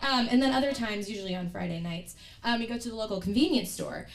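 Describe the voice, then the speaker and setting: Young woman, comic storyteller, high and lively, roomy distant stage sound. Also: quick pace. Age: young adult. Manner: animated, acts out scenes with loud yells. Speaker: student performer. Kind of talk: stand-up storytelling. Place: acting studio stage.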